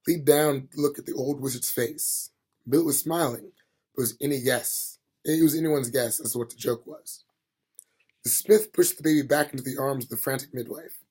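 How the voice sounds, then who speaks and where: Husky man reading a novel aloud. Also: mid-range voice, moderate pace. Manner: plain, steady reading with small slips. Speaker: reader. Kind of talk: amateur audiobook reading.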